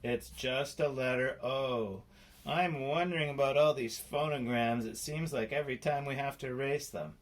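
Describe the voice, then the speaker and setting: A man teaching a children's phonics lesson in a slow, playful way, sounding out letters and syllables. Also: mid-range voice. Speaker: spelling teacher.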